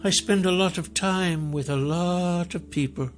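A man's voice: high-pitched, measured pace, soft background music, voice pushed up. A man voicing a soothing, ageless robed woman. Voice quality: warm, soothing. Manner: gentle, coaxing. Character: tall mysterious woman in black robes, over a hundred, soothing.

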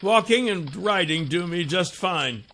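A man voicing an older male companion who is kindly and wary, speaking softly and gently. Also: high voice, lively intonation, measured pace, a little hiss or hum, voice pushed up, exaggerated voice. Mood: gentle.

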